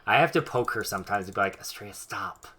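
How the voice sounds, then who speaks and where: A young man commenting casually on his game, joking and thinking out loud. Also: lowish voice, lively intonation, rapid-fire, a little hiss or hum. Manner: joking, chatty, thinks aloud. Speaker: streamer.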